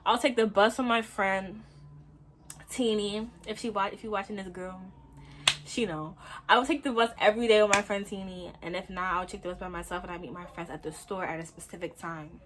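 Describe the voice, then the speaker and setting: Animated young New woman telling a story. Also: mid-range voice, fairly quick, background noise. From Brooklyn, New York. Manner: animated, slangy, talks straight to viewers. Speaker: vlogger. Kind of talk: casual storytime. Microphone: phone.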